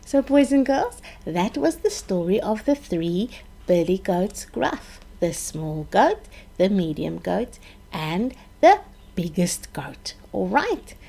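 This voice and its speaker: A woman preschool teacher reading a storybook and leading a counting lesson for young children in an animated, sing-song manner. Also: medium pitch, slow pace, creaky, breathy edge.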